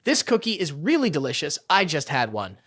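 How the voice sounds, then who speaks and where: A man voicing a cheerful, innocent young girl who chatters brightly, in a story recap. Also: a little high, wildly swooping pitch, a little fast, pitched below the performer's own voice, exaggerated voice.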